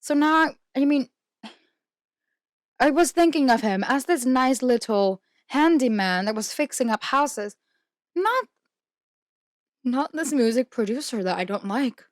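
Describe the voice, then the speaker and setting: A woman's voice: high-pitched, expressive, unhurried, no room sound, studio quality. A young woman hosting a podcast, ranting in a blunt, profane casual chat and laughing mid-sentence. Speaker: podcast host.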